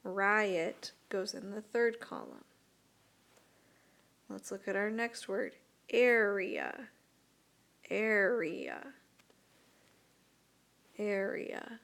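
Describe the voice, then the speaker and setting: A woman teacher giving a recorded lesson to young students, talking slowly and carefully and repeating each word. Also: mid-range voice, creaky, fairly bright tone. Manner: slow, deliberate, repeats words for young students. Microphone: tablet microphone.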